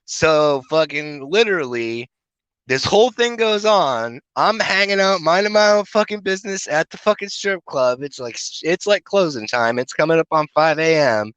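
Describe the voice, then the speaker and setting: Bright pushy-sounding middle-aged guy on a podcast, swears a ton, dry close mic. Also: a little high, normal speed, clean tone, no room sound, highs cut off. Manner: profane, rambling anecdotes with animated quoted voices. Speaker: podcast co-host. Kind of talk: crude casual storytelling.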